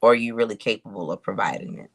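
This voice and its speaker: A woman giving a casual spiritual reading to her viewers, thinking aloud with drawn-out hums and pauses and talking to them in a colloquial, direct way. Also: rumbling low, husky. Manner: colloquial, addresses viewers as y'all. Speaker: intuitive reader.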